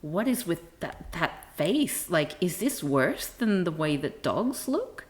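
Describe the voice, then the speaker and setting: A woman's voice: lowish voice, big pitch swings, slow. A woman streaming live, reading comics aloud with wry, amused, self-deprecating asides.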